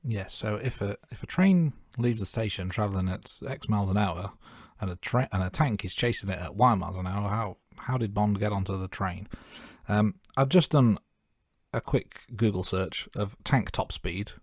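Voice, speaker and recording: A man's voice: lowish voice, moderate pace, dry recording. Joking man, dry close sound. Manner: joking, chatty, laughs at own remarks. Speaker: podcast co-host. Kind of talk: casual film-review chat.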